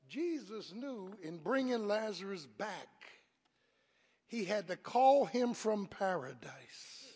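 A man preaching a sermon as pastor, with call-and-response lines, swinging from quiet talk to shouted peaks. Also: sits high, creaky, slightly rough, big-room sound.

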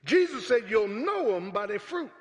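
Pastor man preaching, high voice swinging all over, big echoey church hall. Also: very animated, normal speed. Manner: preaching that builds to shouts, calling out to the congregation. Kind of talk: sermon. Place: church sanctuary.

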